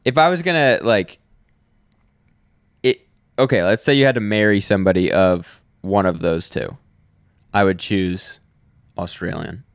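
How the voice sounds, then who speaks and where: A man's voice: low voice, unhurried, pauses often, no echo, studio quality. A man co-hosting a podcast, chatting casually in an easygoing, rambling way and laughing often. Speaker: podcast co-host. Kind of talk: casual chat.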